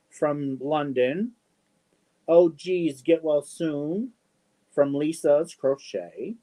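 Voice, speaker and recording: A middle-aged man hosts a casual live stream and reads viewer comments aloud. His voice sits a little high, and he speaks very slowly. He pauses often with ums and adds fond little asides. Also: expressive, dark tone. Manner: slow, halting, many ums, affectionate asides.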